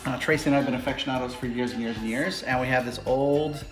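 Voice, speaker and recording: A man's voice: medium pitch, fairly even intonation, fast. A man co-hosting a podcast in casual chat, rambling and joking with lots of fillers. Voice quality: rambling, jokey, many "uh" fillers. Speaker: podcast co-host. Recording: echoey room with faint music.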